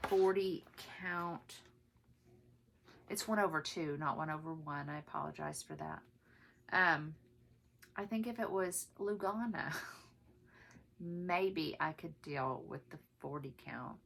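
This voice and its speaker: A woman's voice: on the low side, a little hiss or hum. Chatty woman gushing about her stitching. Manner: chatty, gushing, drops to soft asides. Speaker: cross stitch vlogger. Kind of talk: casual show-and-tell chat.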